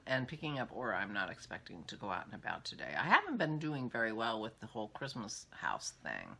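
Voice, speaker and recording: Older woman, casual vlog host, rambling chat, animated, bright voice. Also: extremely low pitch, husky. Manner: rambling, chatty, thinking aloud. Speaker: podcast host.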